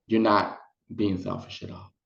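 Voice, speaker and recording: A man's voice: normal speed, vocal fry. A man telling a personal story in casual vlog style, acting out the people he quotes. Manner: animated, acts out quotes in high voices. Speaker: storytime vlogger. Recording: roomy, dull lo-fi sound.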